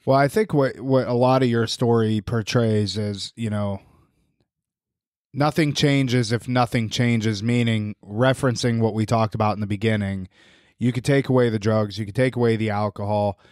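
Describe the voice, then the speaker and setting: A man's voice: on the low side, steady tone, moderate pace, a little mellow, no room sound, studio quality. A man co-hosting a recovery podcast, reflecting on recovery sayings in casual talk. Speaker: podcast co-host.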